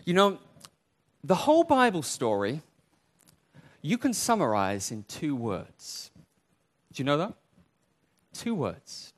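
A man preaching a sermon in an animated way, acting out the voices he quotes. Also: a little high, slow, pauses often.

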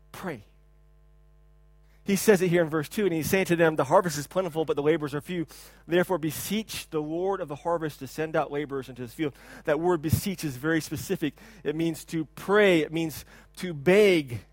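A man in his thirties preaching a sermon as a pastor, talking in a loose conversational way with repeated words and sudden loud bursts when he imitates a child. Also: a little high, fairly quick, dry recording. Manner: animated preaching, shouts to imitate a crying child. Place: church hall.

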